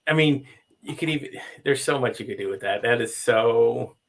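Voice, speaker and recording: A man hosting a live-stream show over a video call, talking excitedly with frequent restarts and calling out to viewers. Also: medium pitch, vocal fry, crowd noise. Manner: excitable, halting, addresses viewers as guys. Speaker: host. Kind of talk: casual live-stream chat.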